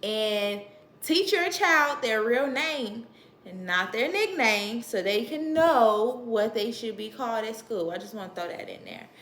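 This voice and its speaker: A woman's voice: mid-range voice, fairly bright tone, reverberant. A woman educator giving earnest, emphatic parenting advice to the camera in a casual vlog. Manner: earnest, emphatic, laughs at herself.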